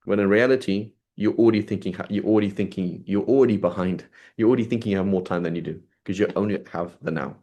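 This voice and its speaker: A man with a fairly low voice teaches a religious class. He talks in a loose, conversational way, reads short passages and then explains them plainly, and often checks in with his listeners. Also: fast talker, mellow. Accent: British English. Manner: conversational, asks "right?" often, reads Arabic then paraphrases. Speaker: Islamic studies teacher. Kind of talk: class lecture on a classical text.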